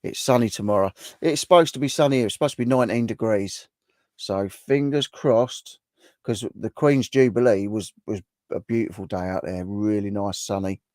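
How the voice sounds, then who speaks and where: A middle-aged man hosts a laid-back livestream, chatting at length and often restarting his sentences. His voice sits on the low side. The sound is dry, with no room echo. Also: normal speed, a little mellow. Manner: chatty and rambling, with many restarts. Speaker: livestream host. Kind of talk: casual live chat reading viewer comments.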